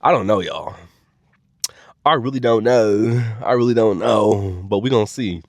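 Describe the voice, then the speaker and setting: A man casually recapping a reality show episode, animated and dramatic, with slang-heavy speech. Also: a little slow, dry recording. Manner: animated, dramatic, acts out quotes in high voices. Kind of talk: casual reaction commentary.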